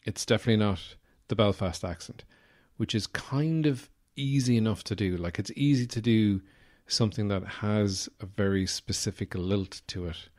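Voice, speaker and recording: Low-voiced Irish man rambling on a podcast. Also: moderate pace, few pauses, darkish tone. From Ireland. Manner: rambling and digressive, many "uh" fillers; wry, self-deprecating humor. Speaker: podcast host. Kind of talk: casual solo podcast talk.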